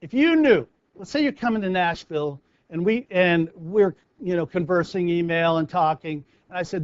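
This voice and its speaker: Animated high-voiced American coach. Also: male voice, normal speed, dry recording, lo-fi sound. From United States. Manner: animated storyteller acting out scenes. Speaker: live performance coach. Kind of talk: motivational talk to camera.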